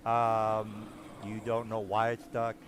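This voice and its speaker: A man running a tabletop game as game master, talking in halting runs with lots of fillers and restarts. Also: lowish voice, monotone. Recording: noisy online voice chat.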